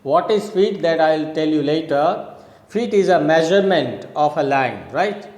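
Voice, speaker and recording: A man's voice: a little high, animated, darkish tone, roomy sound, in a large hall, low-quality recording. A male college lecturer explaining poetry step by step, repeating points and checking in with "okay?". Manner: slow, repetitive explaining with frequent "okay?" checks. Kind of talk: recorded classroom lecture.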